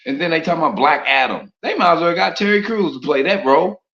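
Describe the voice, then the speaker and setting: A man's voice: fairly high pitch, animated, quick pace, a bit bright. A man giving an informal preaching talk in streetwise slang, firing off rhetorical questions. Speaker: religious speaker. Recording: muffled lo-fi recording with roomy echo.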